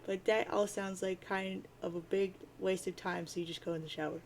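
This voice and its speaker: A woman hosting a read-through of a webcomic, narrating in a lively, quick and playful way. Her voice sits in a middle register, and a faint hiss of noise runs underneath. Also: medium pitch. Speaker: reader. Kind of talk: reading a webcomic aloud.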